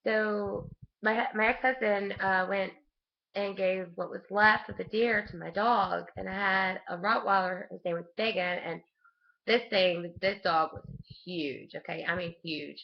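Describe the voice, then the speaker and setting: Casual vlogger, female, low gravelly voice, loose rambling storyteller, lo-fi webcam sound. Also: steady tone, unhurried. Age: adult with a young son. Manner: rambling, laughing often, frequent restarts.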